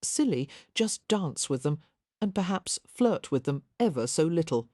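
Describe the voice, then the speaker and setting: A woman's voice: low voice, sing-song, unhurried, mellow, no room sound, clean studio sound, exaggerated voice. A woman reading an audiobook, voicing a bubbly young lady who gushes playfully. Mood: giddy. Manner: gushing, playful.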